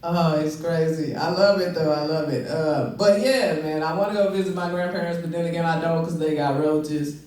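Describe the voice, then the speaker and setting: A man's voice: fairly high pitch, steady tone, moderate pace, darkish tone. A male stand-up comedian doing loose, conversational stand-up in an empty comedy club, often laughing at his own jokes. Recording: very echoey empty club, mic far off.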